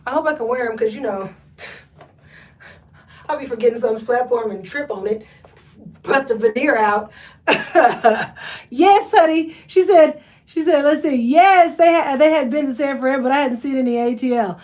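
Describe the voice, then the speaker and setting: A woman, hosting a casual thrift haul livestream, animated and chatty, calling viewers honey. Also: high-pitched, moderate pace, distant mic.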